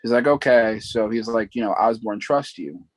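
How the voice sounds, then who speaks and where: A man's voice: fairly low pitch, moderate pace, no room sound, rough recording. A man co-hosting a podcast, casually retelling a story with many fillers and asides. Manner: rambling plot recap with many fillers. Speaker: podcast co-host. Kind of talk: casual chat.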